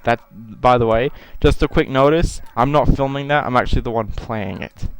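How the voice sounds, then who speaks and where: A man's voice: mid-range voice, normal speed, smooth, faint music behind, rough recording. A young man casually commenting on his own old videos, self-mocking and swearing freely, with exasperated outbursts.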